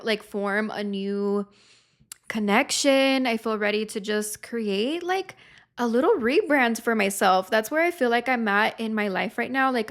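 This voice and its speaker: A woman's voice: fairly high pitch, creaky. Chatty young woman podcast host. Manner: chatty, expressive, swears freely; emotional, confessional. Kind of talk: casual chat.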